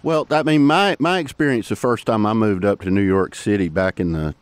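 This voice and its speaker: A man's voice: on the low side, fairly quick, no echo. Folksy man hosting a podcast. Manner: folksy, conversational, joking. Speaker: podcast host. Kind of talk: relaxed interview hosting.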